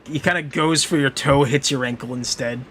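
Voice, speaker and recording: A man's voice: medium pitch, moderate pace, noisy background. A man narrating combat as game master on an online voice call, loose and playful with fillers.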